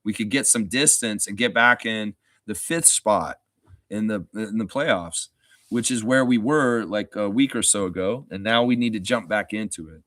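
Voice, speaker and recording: A man rants on a live stream, outspoken and profane, in a bright, forceful voice. He tells his stories with animated bursts, and the sound is dry and close. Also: fairly low pitch, moderate pace, dry recording. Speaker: sports channel host. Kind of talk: casual live-stream rant.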